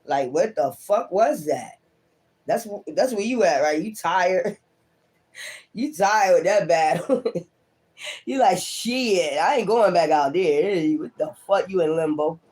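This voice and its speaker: A man giving a casual tarot reading, talking straight to viewers with lots of swearing and laughter, and acting out their thoughts in quick asides. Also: high-pitched, darkish tone. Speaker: tarot reader.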